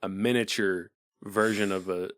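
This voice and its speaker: A man co-hosting a movie podcast, easygoing and agreeable in casual chat, and quick to laugh. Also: sits low, fairly even intonation, clear, resonant tone, no echo, clean studio sound. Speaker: podcast co-host.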